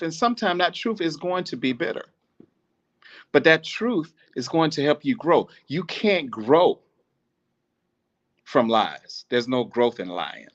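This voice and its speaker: Animated podcast man, high lively pitch. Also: dull audio. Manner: animated, swearing, laughs often, preachy. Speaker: podcast host. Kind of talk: casual monologue.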